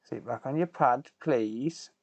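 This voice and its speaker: A man's voice: medium pitch, takes it slowly, no echo, highs cut off. A man, chatting casually with viewers while doing repair work, swearing under his breath and bantering. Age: 30s. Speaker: repair streamer. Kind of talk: casual live-stream chat while soldering.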